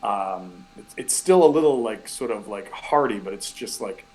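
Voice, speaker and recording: A man's voice: fairly low pitch, lively intonation, normal speed, a little mellow, rough recording. A man narrating a tabletop game as game master, who describes scenes in rambling, filler-heavy speech.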